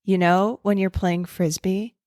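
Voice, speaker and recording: A woman's voice: medium pitch, fairly even intonation, unhurried, a little mellow, no room sound, studio quality. A woman co-hosting a podcast in casual chat, rambling and jokey, and she swears casually. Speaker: podcast co-host.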